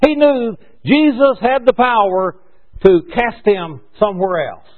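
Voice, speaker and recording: A man's voice: high-pitched, unhurried. A man preaching a sermon in a conversational way, asking rhetorical questions and correcting himself as he goes. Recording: dull lo-fi recording.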